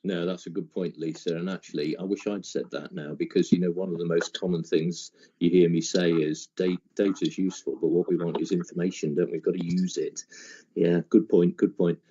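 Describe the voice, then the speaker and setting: A man chairing a committee meeting, thanking speakers and calmly asking the room for agreement. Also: deep voice, highs cut off, slight background noise. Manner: measured, inclusive, asks the room for agreement.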